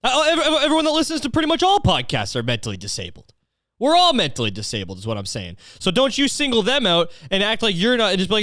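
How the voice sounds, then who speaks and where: A man's voice: high voice, huge pitch swings, fast, fairly bright tone, no room sound, studio quality. A young man from Canada hosting a comedy podcast, talking in a profane, rambling, slang-heavy rant. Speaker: podcast host.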